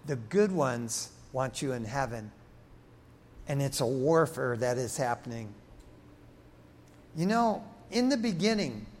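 Animated preacher man in a reverberant hall. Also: medium pitch, a little hiss or hum. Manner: animated, acts out Bible voices. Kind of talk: sermon. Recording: long reverb of a large hall.

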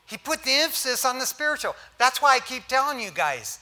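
An older man, a pastor, preaching a sermon in a lively, joking way to his congregation. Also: very high-pitched, a little fast, hardly any pauses.

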